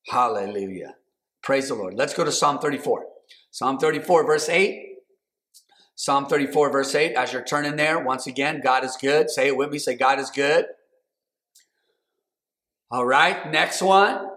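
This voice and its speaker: Bright-voiced preaching man, conversational. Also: a little high. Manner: conversational, builds to emphatic repeated phrases. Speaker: pastor. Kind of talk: sermon.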